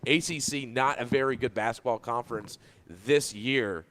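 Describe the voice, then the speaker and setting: A man's voice: medium pitch, normal speed, noisy background. Guy on sports radio going on about basketball, rambly, keeps restarting his sentences, studio mic. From Louisville, Kentucky. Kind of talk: casual sports talk.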